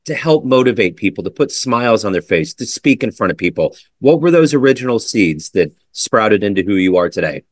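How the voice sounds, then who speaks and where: Lively male interview host, dry sound. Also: on the low side, brisk, few pauses, no echo. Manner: brief encouraging replies and questions. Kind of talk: casual interview.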